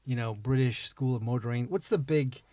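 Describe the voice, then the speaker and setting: A man co-hosting a podcast in a studio, wry and casual, often letting his sentences fade quietly at the end. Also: mid-range voice, fairly quick, no echo. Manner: wry, trails off quietly at phrase ends. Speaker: podcast co-host.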